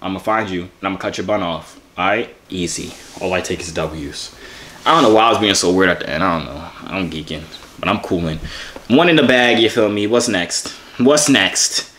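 A man's voice: deep voice, normal speed, fairly bright tone, slight background noise. A young man from Arizona talking in a playful, joking way full of slang while he makes a casual vlog. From Arizona, USA. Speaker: YouTuber.

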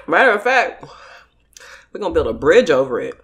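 A woman's voice: low voice, big pitch swings, brisk. A woman vlogger eating very spicy wings, exclaiming and groaning over the heat. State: overwhelmed by spice heat. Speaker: mukbang vlogger. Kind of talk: casual eating vlog.

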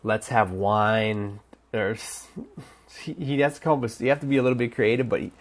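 A man's voice: mid-range voice, quick pace. A man coaching on dating, giving casual advice while thinking aloud, with many restarts and fillers. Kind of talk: casual instructional talk.

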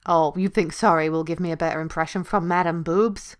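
A woman's voice: fairly low pitch, steady tone, fairly quick, clear, resonant tone. A woman playing through a visual novel, reading every character's lines aloud with crude ad-libbed jokes and laughter. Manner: crude jokey ad-libs, laughing between lines. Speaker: let's play host voicing all characters. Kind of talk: comedic game dialogue read-aloud.

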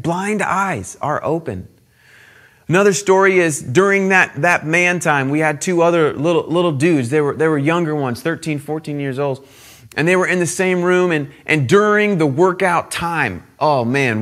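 A young man preaching to a youth gathering, telling stories with animated swings from loud to hushed. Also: mid-range voice. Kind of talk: sermon storytelling.

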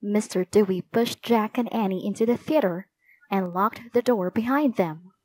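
A woman narrating a children's storybook in a clear, expressive read-aloud manner. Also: medium pitch, normal speed, dry recording. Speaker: audiobook narrator.

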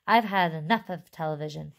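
A woman voicing a sharp-tongued, irritable father while reading a storybook aloud. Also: low-pitched, brisk, gravelly. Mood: irritated. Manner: sharp, shouting. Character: gruff irritable father, fed up.

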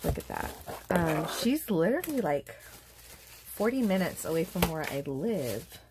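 A woman's voice: fairly low pitch, unhurried. Gushing woman unboxing crafts, filler-heavy. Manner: gushing, filler-heavy, moved to happy tears. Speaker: craft vlogger. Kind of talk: casual unboxing chat. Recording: steady background noise.

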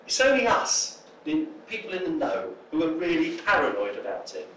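A man speaks to a crowd in a pub function room, spinning comic stories and putting on the voices of the people in them. His voice sits fairly high and swings about lively. The mic is some way off, so the sound is roomy and echoey, with a faint hum of ambience underneath. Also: normal speed, distant mic. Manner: jokey storyteller, acts out quoted voices. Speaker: political speaker. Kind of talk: anecdotal public talk.

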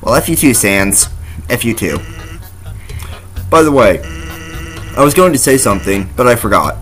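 A man's voice: medium pitch, sing-song, normal speed, fairly bright tone, faint music behind. A man hosting a let's play, giving casual gameplay commentary with wry asides to himself.

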